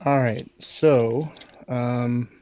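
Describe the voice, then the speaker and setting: A man's voice: mid-range voice, fairly even intonation, drawn-out words, mellow, smooth. A man narrating a tabletop game as game master, hesitant and full of filler words.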